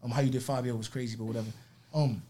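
Fast-talking man hosting a casual podcast. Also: medium pitch, fairly even intonation, dark tone. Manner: fast, loose talker with many restarts. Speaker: podcast host.

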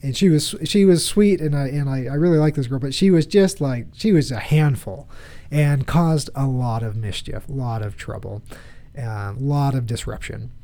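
Brief: man in his 30s, warm and mellow, speaking earnestly to a live audience, conversational and repetitive. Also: mid-range voice, normal speed. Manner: earnest, conversational, repeats himself. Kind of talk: motivational talk with personal stories.

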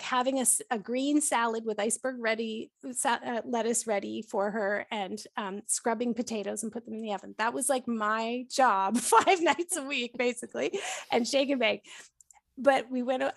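A woman's voice: a little high, creaky, no room sound, clean studio sound. A woman in her forties, from Canada, telling stories on a podcast in a chatty way with many fillers and frequent laughs. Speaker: podcast host being interviewed. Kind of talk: casual storytelling chat.

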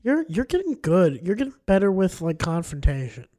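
A man's voice: high voice, big pitch swings, a little fast, warm tone. A man co-hosting a comedy podcast, chatting casually and joking around. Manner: joking, rambling, playful. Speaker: podcast co-host.

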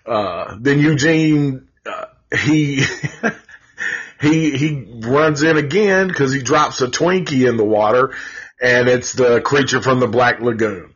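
A man's voice: mid-range voice, takes it slowly, a bit bright, slightly rough, muffled recording. A man giving a casual live movie review, rambling and swearing freely, with lots of fillers and restarts.

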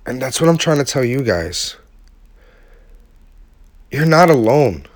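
A man's voice: medium pitch, big pitch swings, takes it slowly, no echo. Earnest man, casual slang, dry sound. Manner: earnest, casual slang, rising to emphatic repetition. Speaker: vlogger speaking to his audience. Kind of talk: heartfelt motivational monologue.

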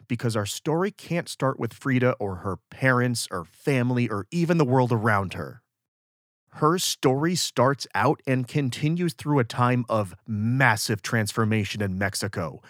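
A man's voice: medium pitch, fairly bright tone, no room sound, studio quality. A man from upstate New York hosting a history podcast, narrating from a script in a wry, self-deprecating way. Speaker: podcast host.

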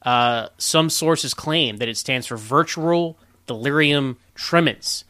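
Bright-voiced guy rattling off movie trivia, lots of laughs, dry close sound. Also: medium pitch, takes it slowly, no room sound. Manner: chatty, animated, laughs often. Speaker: podcast co-host sharing film trivia. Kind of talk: casual chat.

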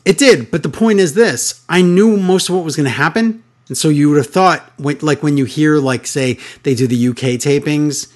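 A man co-hosting a podcast, chatting casually and retelling scenes with excitable voice changes. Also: a little high, normal speed, few pauses. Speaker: podcast co-host. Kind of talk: casual podcast chat recapping wrestling.

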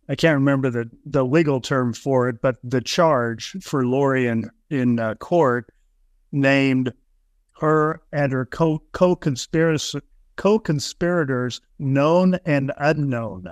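Measured, deliberate man on a podcast. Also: mid-range voice, no echo. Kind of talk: podcast interview conversation.

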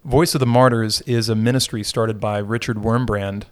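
A man's voice: on the low side, steady tone, moderate pace, smooth. A middle-aged man co-hosting a podcast, chatting casually and joking, rambling with restarts. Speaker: podcast co-host.

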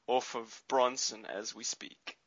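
A man's voice: medium pitch, steady tone, slow, a bit bright, no room sound, highs cut off. A man in a casual chat, making wry asides with a chuckle.

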